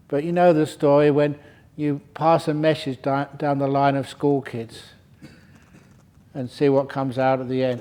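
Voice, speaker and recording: A man, a Buddhist monk, giving a relaxed, joking Dharma talk to a retreat group. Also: a little high. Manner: relaxed, joking and digressive, with laughter. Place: retreat centre hall.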